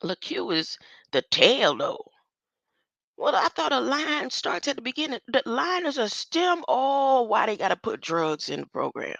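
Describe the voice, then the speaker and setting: A woman's voice: medium pitch, expressive, slow pace, vocal fry, bright, forceful tone, dry recording. An older woman musing aloud in a casual solo stream about word meanings, rambling and laughing often. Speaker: online streamer.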